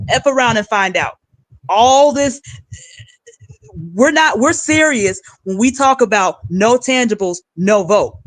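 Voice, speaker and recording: A woman's voice: fairly high pitch, animated, unhurried, no room sound, low-quality recording. Blunt, ranting woman livestream host. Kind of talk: political commentary livestream.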